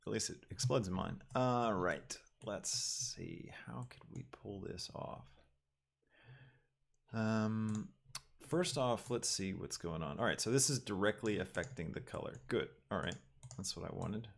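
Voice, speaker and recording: Low, gravelly male streamer who muses and stalls while he works; casual, unpolished delivery. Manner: thinking aloud, halting with ums and restarts. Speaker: 3D artist livestreaming his work. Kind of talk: casual livestream talk while working.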